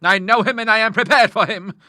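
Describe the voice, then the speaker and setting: A man's voice: high-pitched, brisk, no echo, studio quality, voice pushed up. A man putting on a stern, grim older woman. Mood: vehement. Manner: forceful, scornful, emphatic. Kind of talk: audiobook character voice.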